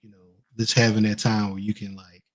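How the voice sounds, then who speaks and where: A man's voice: lowish voice, little pitch movement, fairly quick. A man in his thirties co-hosting a casual talk show, speaking in a laid-back, joking way. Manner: laid-back, joking, loose Southern-style speech. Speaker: podcast co-host. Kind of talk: casual chat.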